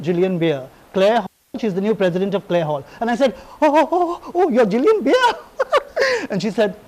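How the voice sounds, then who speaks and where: A man from India giving a public lecture, animated and irreverent, with digressive storytelling. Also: high-pitched, poor audio.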